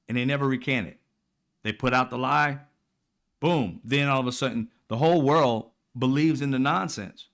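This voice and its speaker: A man's voice: moderate pace, vocal fry. Profane ranting man. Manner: profane, exasperated, mocking; swings from loud and high to low and quiet. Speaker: political commentary host. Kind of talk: casual ranting commentary.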